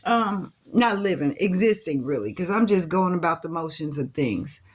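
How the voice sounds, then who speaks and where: A young adult woman telling her own life story in an interview, chatty and loose, rising much higher when she quotes her younger self. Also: animated, moderate pace, breathy edge. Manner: loose, chatty, many fillers and restarts. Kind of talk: personal storytelling.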